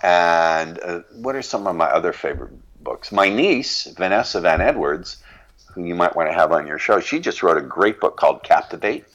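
Very deep-voiced male business consultant. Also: normal speed, lo-fi sound. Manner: expressive, laughs often, spells out words. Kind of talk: interview conversation.

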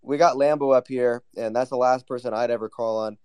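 A man's voice: mid-range voice, fairly even intonation, a little fast, a crowd in the background. A man hosting a casual group chat, rambling and swearing freely. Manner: swears a lot, rambling and loose. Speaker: host.

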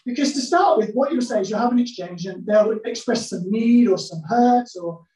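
A woman delivers a sermon in a church, playful and theatrical as she acts out little scenes in different voices. Her voice is mellow and a touch high, and the sound is roomy, caught from some distance off the mic. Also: lively intonation, normal speed. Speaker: preacher.

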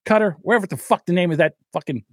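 A man's voice: high-pitched, rapid-fire, dry recording, clean studio sound. A man co-hosting a podcast, ranting heatedly and swearing often in casual chat. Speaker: podcast co-host.

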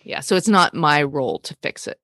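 A woman co-hosting a conversational talk, explaining ideas about relationships and stressing key points slowly. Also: deep voice, animated, gravelly, fairly bright tone, no echo, studio quality.

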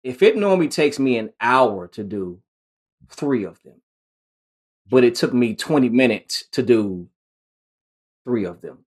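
A man's voice: mid-range voice, expressive, measured pace, pauses often. Easygoing man telling lawn-care stories. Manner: easygoing, storytelling with restarts. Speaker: lawn care business owner, guest. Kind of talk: casual chat.

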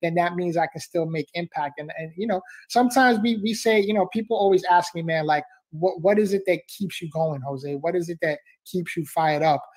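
A man with a high-set voice talks with fervent, motivational energy as a podcast guest. He circles back on his phrases and keeps calling the host bro and man. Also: fairly quick, hardly any pauses.

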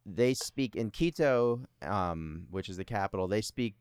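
A young man chatting casually as a guest, relaxed and easy-going, his voice often trailing off quietly at the end of a thought. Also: on the low side, a little slow, clean tone, no echo, studio quality. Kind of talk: casual conversation.

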